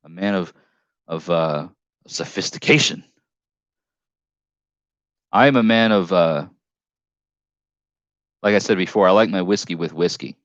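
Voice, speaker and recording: A man's voice: low voice, a little slow, long pauses, no echo, lo-fi sound. A man hosting a casual live stream, reading chat comments aloud in a rambling, jokey way with frequent restarts.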